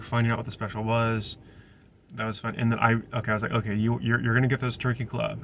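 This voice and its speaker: A man's voice: medium pitch, fairly bright tone, a little hiss or hum. A young man, a restaurant server, casually telling a rambling story full of restarts and digressions.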